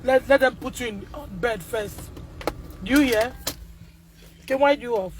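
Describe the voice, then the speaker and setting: A Nigerian woman speaking on a phone livestream, distressed and loud, re-enacting conversations as a mother. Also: on the high side, normal speed, noisy background. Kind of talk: emotional livestream testimony.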